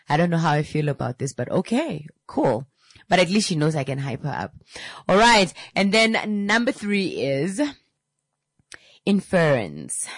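Animated woman telling a lesson story. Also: deep voice, husky, no room sound. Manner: animated storyteller, acts out voices, slangy asides. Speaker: teacher. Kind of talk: casual lesson with anecdotes.

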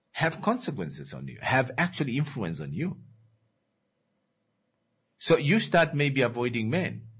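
A man's voice: medium pitch, a bit bright, husky. A man teaching, stopping to ask the listener questions and working through examples. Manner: asks the listener questions, gives worked examples. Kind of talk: explanatory lecture.

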